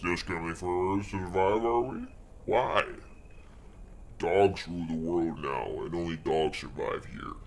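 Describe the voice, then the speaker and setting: A man voicing a grim, menacing stranger with a deep, slow drawl. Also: a little hiss or hum. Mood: ominous.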